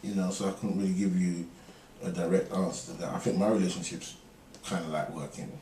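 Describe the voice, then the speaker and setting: Middle-aged male guest, jokey rambling storyteller; slightly low voice, faint room ambience behind. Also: little pitch movement, brisk, warm tone, a little hiss or hum. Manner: laughing, joking, rambling storyteller. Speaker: interview guest. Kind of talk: joking casual interview. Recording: echoey room, mic far off, faint ambience.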